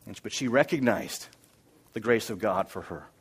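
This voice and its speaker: A man's voice: lowish voice, animated, moderate pace, slightly rough. A man preaching a sermon through a Bible passage, emphatic and repeating key phrases as he builds his points. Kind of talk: expository sermon.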